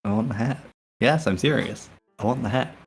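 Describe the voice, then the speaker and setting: A man's voice: mid-range voice, brisk, creaky, soft background music. A man playing in a tabletop game, chatting playfully and laughing often. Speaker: player. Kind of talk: casual tabletop game chat.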